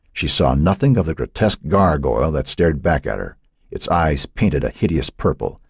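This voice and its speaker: Deep husky guy reading an audiobook, dry close sound, dramatic and measured. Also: darkish tone, no room sound. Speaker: audiobook narrator. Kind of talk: scripted narration.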